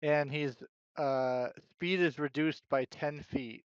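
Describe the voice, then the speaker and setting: During a casual tabletop game, a player talks out his dice calculations in a slow, smooth, slightly high voice. There's no room sound, but the lo-fi audio comes across a bit muffled.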